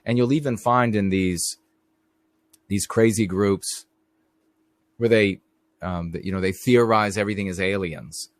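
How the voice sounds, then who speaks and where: A middle-aged man hosts a live stream, rambling through stories in a casual monologue and addressing his viewers directly. His voice is fairly low with fairly even intonation, and he keeps a measured pace with frequent pauses.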